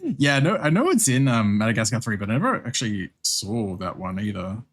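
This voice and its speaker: A man's voice: mid-range voice, big pitch swings, brisk, a bit bright. A man streaming his art, chatting casually and rambling with fillers as he reacts to chat and the music. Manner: talks with frequent fillers and small laughs.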